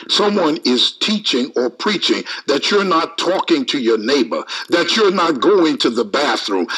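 A man with a mid-range voice preaches a sermon, reading scripture aloud and calling out to the congregation in a lively style. The recording is low quality.

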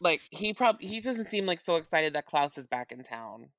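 A woman co-hosting a casual TV recap podcast, excitable, laughing often and swearing. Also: low-pitched, normal speed, no echo, studio quality. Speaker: podcast co-host.

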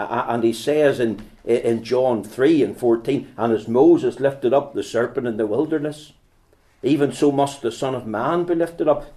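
A man with a mid-range voice preaches a sermon, alternating between quiet, slow passages and loud, urgent bursts. He often repeats words as he goes.

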